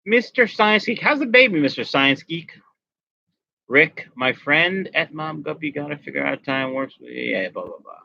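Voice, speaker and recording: A man with a highish, gravelly voice speaks at a normal pace, animated and sharp-toned, on a lo-fi recording with no echo. He's hosting a casual fish-keeping live stream despite a migraine, reading comments and greeting viewers by name.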